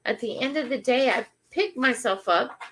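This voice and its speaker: An older woman hosting a morning livestream, telling a funny story in a chatty, animated way. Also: on the high side, normal speed. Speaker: livestream host.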